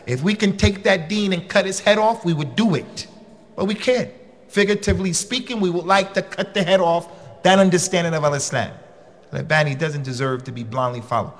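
A male preacher lecturing his congregation in a blunt, conversational way. His voice sits a little high for a man, and it leaps upward whenever he stresses a point. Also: brisk. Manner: emphatic, with sudden rises in pitch. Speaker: preacher and khatib.

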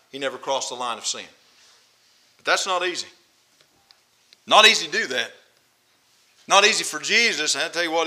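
A man preaching a sermon, animated, acting out angry quotes and repeating his points for emphasis. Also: sits high.

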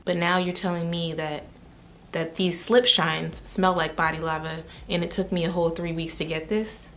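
A woman's voice: fairly low pitch, little pitch movement, moderate pace, a bit bright, a little hiss or hum. A young woman doing a casual, chatty makeup try-on review, with sassy asides. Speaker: beauty vlogger.

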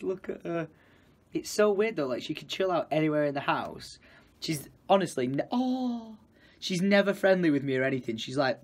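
A young man with an English accent, chatting casually in a vlog, excitable, swearing freely and talking to his pets. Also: fairly high pitch. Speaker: vlogger.

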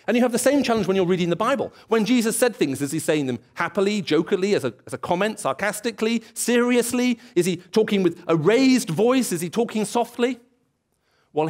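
A man's voice: high voice, darkish tone. A man preaching a sermon in a church, telling stories and acting out bits of dialogue. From England. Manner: storytelling, acts out dialogue and voices.

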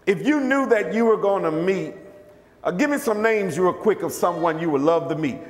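A man preaching a lively, conversational sermon as a bishop, calling out questions to his congregation. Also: sits high, normal speed, echoey room, long reverb tail. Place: church.

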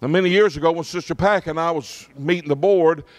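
Folksy preacher, fairly high voice. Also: male voice, fairly quick. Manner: folksy preacher, checks in with the congregation often. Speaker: pastor. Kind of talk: sermon with personal storytelling.

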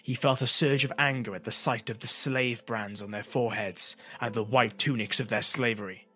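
A man reading an audiobook chapter as narrator, in an even storytelling manner. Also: medium pitch, moderate pace, faint music behind. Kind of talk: scripted narration.

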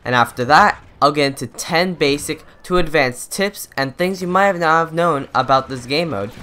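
A young man with a fairly high, bright voice talks through game tips in a steady, instructive voice-over. He sounds scripted and methodical. A faint hiss sits under the close-miked recording. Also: normal speed. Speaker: gaming YouTuber. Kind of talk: scripted gameplay tutorial voice-over.

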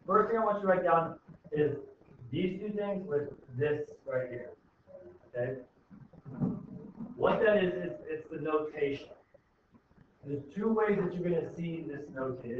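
Guy teaching math to a class, keeps saying okay?, kinda high voice, sounds far off in a boomy classroom, tinny. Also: slight background noise. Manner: informal, repeats "okay?" to check understanding. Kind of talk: classroom lecture. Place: school classroom. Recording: echoey room, tinny far-off mic.

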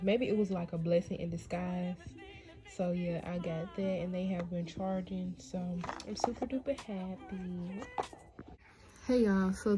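A young woman in casual vlog chat, talking straight to her viewers in a chatty, filler-heavy way. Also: mid-range voice. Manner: chatty, addresses viewers directly, frequent fillers. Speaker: vlogger.

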